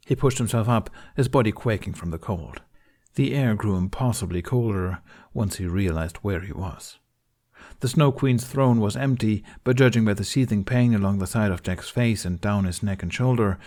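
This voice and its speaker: Low-voiced man reading a story. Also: darkish tone. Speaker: fan fiction reader. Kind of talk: scripted narration.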